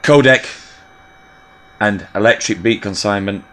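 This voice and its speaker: A man's voice: lowish voice, measured pace, a bit bright. A man hosting a podcast, teasing and swearing through casual banter. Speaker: podcast host.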